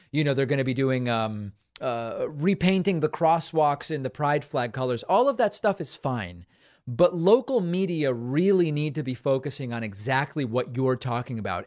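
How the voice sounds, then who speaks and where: A man hosting a call-in talk show, chatting with callers and taking asides. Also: medium pitch. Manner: chatty, quick asides, laughs easily. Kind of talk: casual call-in chat.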